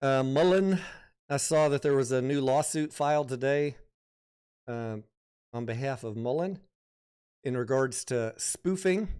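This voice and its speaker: Smooth-voiced man hosting a market livestream. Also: medium pitch, measured pace, long pauses. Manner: chatty, reads viewer comments aloud, thinks out loud. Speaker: stock market livestream host. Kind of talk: casual livestream commentary.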